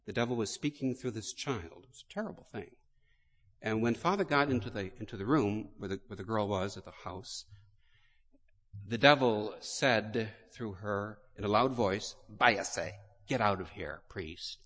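A priest delivers a sermon slowly and deliberately, dwelling on each phrase. His voice is low. A long reverb from a large church trails every line. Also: a bit bright. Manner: slow, deliberate storytelling.

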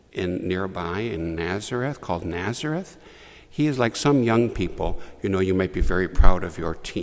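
A man preaching a homily to children in a church, telling the story with lively asides to the young listeners. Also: on the low side, big-room sound. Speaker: priest.

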